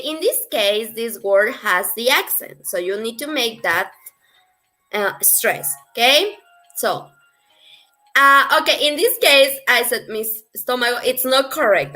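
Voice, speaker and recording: Woman teacher, slow n patient, bright high-ish voice, soft music behind. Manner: patient, repeats phrases slowly for learners. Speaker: Spanish teacher. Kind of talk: slow explanatory language lesson.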